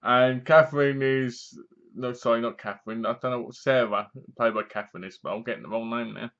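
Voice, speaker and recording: A man's voice: mid-range voice, fairly even intonation, a little fast, a bit bright. A man casually reviewing a horror film, retelling it in a rambling, chatty way with asides. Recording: dull lo-fi recording.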